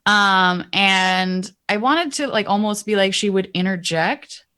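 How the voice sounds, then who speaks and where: A woman's voice: mid-range voice, measured pace, bright, forceful tone. A woman player describing her character's actions in a tabletop game, rambling with many fillers.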